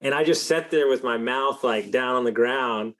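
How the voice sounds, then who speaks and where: A man hosting a podcast, telling a story in a rambling, animated way, full of fillers and swearing. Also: mid-range voice, moderate pace. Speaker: podcast host. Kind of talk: casual storytelling in an interview.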